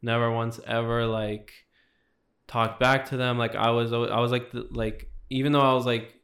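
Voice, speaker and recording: Young male guest, flat delivery, rambling testimony, heavy "like" fillers. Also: medium pitch, moderate pace. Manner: rambling, fills with 'like' constantly. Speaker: podcast guest. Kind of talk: casual testimony storytelling.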